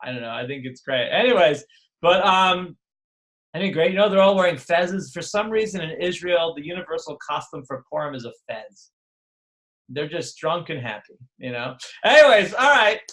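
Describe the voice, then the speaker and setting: A man's voice: on the high side, expressive, normal speed, fairly bright tone. A middle-aged man teaching an online class in a chatty, digressive lecture style. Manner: chatty, digressive, acts out voices of others. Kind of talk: casual lecture.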